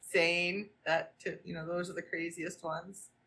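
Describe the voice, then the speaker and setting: A woman co-hosting a casual podcast, wry and unhurried. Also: fairly low pitch, little pitch movement, sharp tone. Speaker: podcast co-host.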